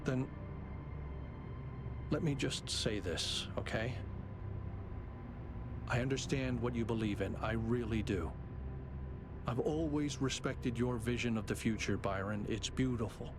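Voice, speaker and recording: An actor voicing a gentle, earnest male robot friend in a video game, speaking softly and sincerely. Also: medium pitch, a little slow, long pauses, noisy background, close to an everyday voice. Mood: pleading. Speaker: game character. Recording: game music behind.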